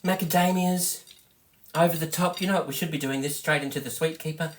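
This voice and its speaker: An Australian man hosting a live cooking demonstration, chatty and excitable, often giggling as he talks to viewers. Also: a little high, brisk, noisy background. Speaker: host, product seller.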